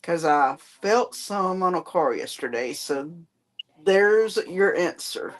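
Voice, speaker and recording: A woman's voice: lowish voice, animated, slow. A woman in a casual panel chat, patiently explaining things step by step.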